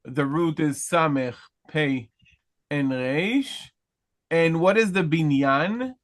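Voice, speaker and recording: A man teaching a Hebrew grammar class to students, explaining patiently, checking in with "okay?" and asking the class questions. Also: on the high side. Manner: slow deliberate pace with many pauses and restarts.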